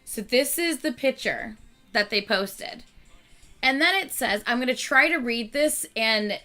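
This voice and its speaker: A woman hosting her channel, chatting casually with viewers in an animated, exasperated rant. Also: on the high side, a little slow. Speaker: channel host.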